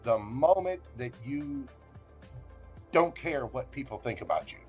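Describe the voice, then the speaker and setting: Southern man, husky voice, folksy livestream host, joking and reassuring, soft music underneath. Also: on the high side. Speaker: tarot reader and livestream host. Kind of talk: casual livestream reading.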